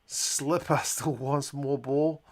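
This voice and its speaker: A man hosting a live rugby watch-along, giving chatty play-by-play that bursts into loud, excited shouts and mild swearing. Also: mid-range voice, slow. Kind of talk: live sports reaction commentary.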